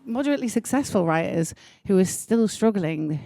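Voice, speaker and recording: A woman's voice: medium pitch, lively intonation, moderate pace, warm tone, in a large hall. A woman around fifty with a Teesside accent, a freelance journalist asking the guest an earnest, hesitant question from the audience. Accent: Teesside English. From Stockton-on-Tees, northeast England. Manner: earnest, hesitant, restarts sentences. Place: large hotel function room.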